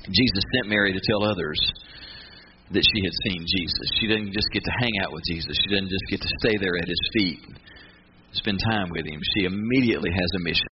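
A man preaching a sermon, emphatic, stressing his points with restarts and slow dramatic pauses. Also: low voice. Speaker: pastor. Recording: muffled with noticeable background noise.

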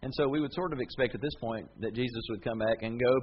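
Male pastor, animated storyteller, mid-pitched voice, somewhat muffled sound. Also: a little fast, hardly any pauses, breathy edge. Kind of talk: sermon.

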